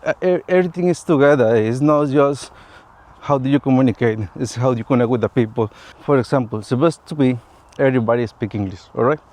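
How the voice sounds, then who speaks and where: A vlogger whose first language is Spanish talks casually to the camera about personal things in halting learner's English. His medium-pitched voice is a little mellow, and he often restarts, repeats himself, and laughs.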